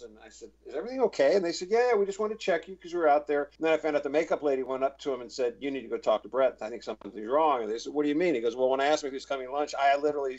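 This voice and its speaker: A middle-aged man, an actor, telling rambling anecdotes in a relaxed interview and acting out the voices of people he quotes. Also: medium pitch. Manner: chatty, many restarts, acts out quoted voices. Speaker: actor guest. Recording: slightly dull, muffled audio.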